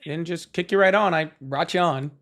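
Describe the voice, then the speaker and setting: A young man runs a live political call-in stream in a fairly high voice. He rambles, swears freely and restarts his sentences as he talks over callers. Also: moderate pace, a bit bright. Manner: loose and profane, many fillers and restarts. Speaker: livestream host. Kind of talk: casual livestream debate with callers.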